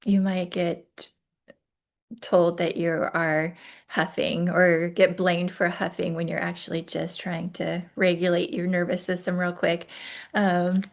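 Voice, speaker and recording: A woman's voice: lowish voice, little pitch movement, slow, gravelly. A woman in her forties hosting a wellness podcast, talking casually and chatting her way along with frequent ums and restarts. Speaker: podcast host.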